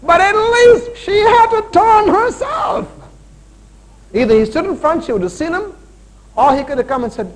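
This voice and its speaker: A man in his forties preaching a sermon, animated, swinging between loud emphasis and quiet, slow points. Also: very high voice, rough recording. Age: 40s.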